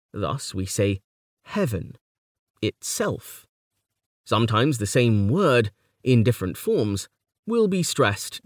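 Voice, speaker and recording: A man reads a textbook on poetry aloud, slowly and carefully. His pitch rises and falls a lot as he stresses words. The recording is dry and close, with no room sound. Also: no room sound. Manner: measured, deliberate reading. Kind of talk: audiobook reading of a poetry textbook.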